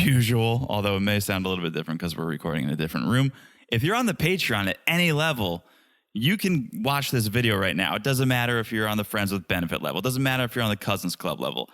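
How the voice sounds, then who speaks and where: A man's voice: on the low side, a bit bright. A man co-hosting a casual podcast from an apartment, playful and joking. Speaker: podcast co-host. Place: apartment room.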